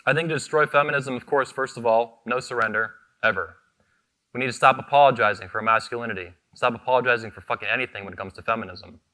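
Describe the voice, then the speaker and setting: A man's voice: mid-range voice, quick pace, pushed and bright. A man giving a fiery convention keynote speech on stage into a microphone, combative and profane, hammering short repeated phrases. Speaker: keynote speaker, convention founder.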